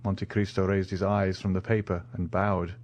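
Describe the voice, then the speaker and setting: A man narrating an audiobook in a measured, expressive reading. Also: sits low. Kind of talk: scripted narration.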